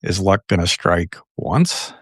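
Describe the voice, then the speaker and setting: A middle-aged man talking in a relaxed podcast chat, reflective and fond of telling anecdotes. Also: low voice, slow pace, dry recording, studio quality. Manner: reflective, tells anecdotes and quotes others. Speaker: podcast guest. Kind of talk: casual conversation.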